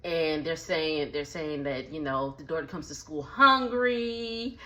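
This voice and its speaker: A woman recapping a movie in a casual, slangy, animated way, with lots of asides. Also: low-pitched, unhurried.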